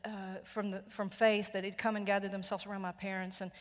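A Texan woman delivers a sermon in an earnest, gentle storytelling voice, sometimes sinking to a near whisper. Her voice rings through a church hall with a long echo. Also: medium pitch, little pitch movement, quick pace. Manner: gentle, earnest storytelling with soft hushed passages. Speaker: pastor. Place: church sanctuary.

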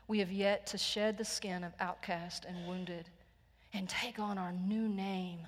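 Gentle Texan woman preaching in a hall. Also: medium pitch, fairly even intonation, unhurried. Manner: gentle, earnest storytelling with soft hushed passages. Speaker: pastor. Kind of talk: sermon. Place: church sanctuary.

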